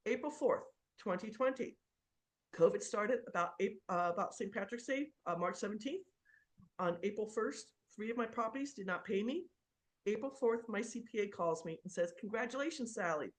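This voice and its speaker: A woman's voice: mid-range voice, lively intonation, moderate pace. A middle-aged woman, a real estate investor, telling a personal story about taxes in a casual, chatty way with many fillers while sharing her screen.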